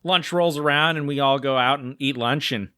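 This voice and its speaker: A man's voice: on the high side, normal speed, pushed and bright, dry recording, studio quality. A man in his thirties, a podcast co-host telling a long story in a casual, rambling way, full of "like" fillers and acted-out quotes. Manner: rambling, many "like" fillers, acts out quoted voices.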